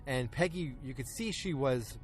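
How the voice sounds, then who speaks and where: A man hosting a podcast, recapping an episode in a loose, casual way and acting out the characters' lines in quick quotes. He is recording outdoors in a park. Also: medium pitch, expressive, soft background music. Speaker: podcast host.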